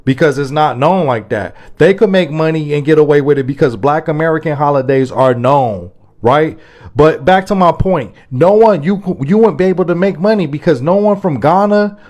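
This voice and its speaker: A man's voice: on the high side, darkish tone. Casual indignant man commenting. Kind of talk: reaction commentary.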